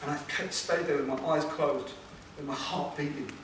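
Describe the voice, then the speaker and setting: A man, a motivational speaker telling an emotional personal story at a seminar, with dramatic pauses and questions to the audience. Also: fairly high pitch, steady tone. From England. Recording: echoey room, distant mic, background noise.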